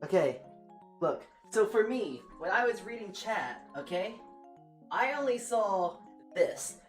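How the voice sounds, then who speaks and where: A woman's voice: medium pitch, big pitch swings, slow pace. A woman streamer chatting live to her viewers, flustered, self-mocking and apologetic, often exclaiming. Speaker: virtual streamer. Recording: echoey room, faint background music.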